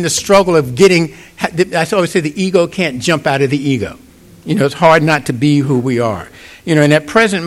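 Middle-aged male pastor, relaxed sermon delivery, fairly high-pitched, keeps asking the congregation if they follow. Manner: conversational, asks "you get it?". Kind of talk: informal sermon.

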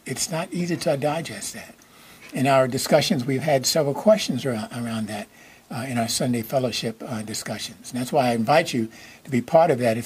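A man with a very husky, breathy voice delivers a sermon to his congregation. His pitch sits in an ordinary middle range, and he repeats key lines slowly and checks in with "okay?" again and again. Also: a little mellow. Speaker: minister.

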